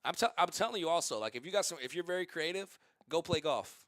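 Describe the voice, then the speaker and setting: A man streaming and telling stories in a casual, rambling, animated way, with many restarts. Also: fairly high pitch, fast, no room sound, studio quality. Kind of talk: casual livestream storytelling.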